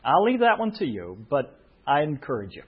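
Husky storytelling preacher, a man. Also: a little high, huge pitch swings, normal speed. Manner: storytelling preacher, acting out quoted voices. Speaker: pastor. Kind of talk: sermon storytelling. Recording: muffled lo-fi recording.

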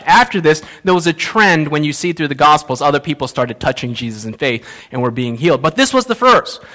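A male pastor preaching a sermon, telling a Bible story in an animated way and acting out the characters. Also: high-pitched.

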